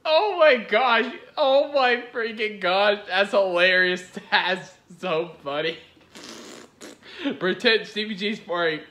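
A man's voice: high-pitched, takes it slowly, bright, forceful tone, a little hiss or hum. A man giving giggly, rambling reaction-video commentary, gushing over what he watches.

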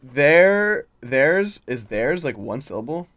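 A man's voice: a little high, very animated, slow pace, fairly bright tone. A young man hosting a gaming stream, bossy and joking, swearing and bursting out at his friends. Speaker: streamer and channel host. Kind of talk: casual gaming chat.

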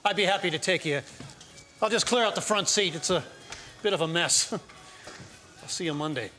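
An actor playing a shy, polite schoolteacher who hesitates and stammers, on a theater stage. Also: male voice, high voice, moderate pace, sharp tone, faint music behind. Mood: awkward. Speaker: teacher. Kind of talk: stage play acting.

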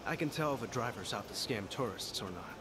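A man's voice: medium pitch, animated, fairly quick, heavy background noise, lightly acted. An actor playing a polite, earnest, modest young man in a video game.

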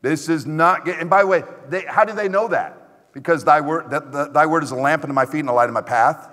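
A male pastor preaching a sermon, animated and emphatic, repeating his exhortations. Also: a little high, quick pace. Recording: echoey hall.

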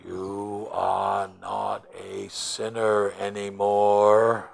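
A man's voice: fairly low pitch, completely flat delivery, drawn-out words, gravelly. A man teaching a Bible study in a joking, storytelling way, often asking the group questions.

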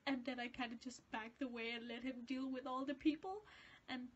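A woman's voice: high-pitched, fairly even intonation, normal speed, slightly rough. A teenage girl from Denmark, speaking English as a second language, chatting and rambling as she tells a self-deprecating story on her video channel. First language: Danish. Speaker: vlogger. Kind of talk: casual storytelling to camera.

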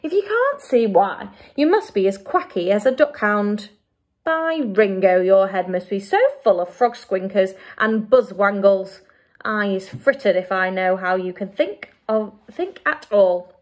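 A huge, friendly giant booms out his muddled words with loud, swinging emphasis, as an English woman puts him on for a storybook reading. His lines leap up and down in pitch with lots of drama. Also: animated, measured pace, close to an everyday voice. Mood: indignant. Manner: booming, emphatic, garbled grammar.

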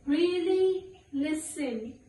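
A woman playing an impatient French tutor, slow and deliberate, in an amateur comedy skit. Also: sits high, expressive, recorded from a distance, noisy background, heavily acted. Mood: exasperated. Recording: echoey room, from the mic.

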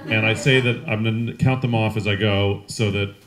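A man's voice: fairly low pitch, fairly even intonation, moderate pace, fairly bright tone. A man stand-up comedian opening his set in a dry, hesitant way with many fillers.

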